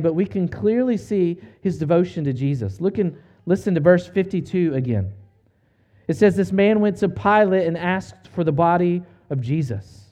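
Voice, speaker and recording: A man preaching a sermon, retelling a story in an earnest, measured way with slow, emphatic pauses. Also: high-pitched, dark tone. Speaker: pastor.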